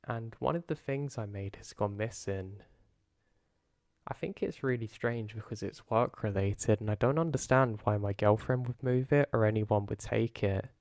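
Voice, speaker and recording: A man calmly narrating a first-person horror story in a low-key way. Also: moderate pace, no room sound, clean studio sound. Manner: calm, low-key retelling.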